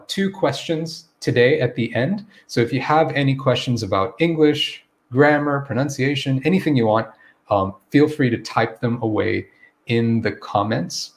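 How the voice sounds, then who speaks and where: A man hosts a live online English lesson in an easygoing, encouraging way. He explains step by step and checks in with his viewers as he goes. His voice sits at an ordinary middle pitch for a man. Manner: relaxed, encouraging, checks in with "okay?"; greets viewers by name mid-lesson. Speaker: English pronunciation teacher.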